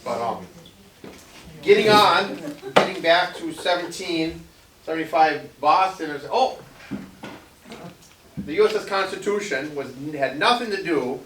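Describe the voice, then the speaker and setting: A man's voice: a little high, fairly bright tone, slight background noise. A man giving a casual history lecture to a live audience, rambling with many ums and restarts and jokey asides. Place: veterans center hall. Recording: echoey hall, voice from far off.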